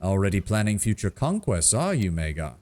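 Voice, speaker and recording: A man's voice: on the low side, big pitch swings, brisk, a little mellow. A man voicing a courteous noble baron who speaks in a formal, polite way.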